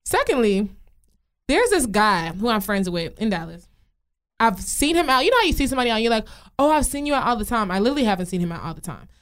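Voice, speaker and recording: A woman telling animated stories in a casual chat, acting out what people said. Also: on the high side, fast. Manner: animated storytelling, quotes people. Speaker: podcast co-host.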